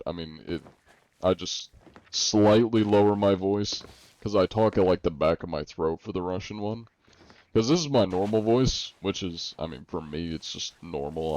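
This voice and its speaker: Low, mellow-voiced American streamer. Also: male voice, no echo, highs cut off. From United States. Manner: rambling, laughing, many fillers. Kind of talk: casual stream chat.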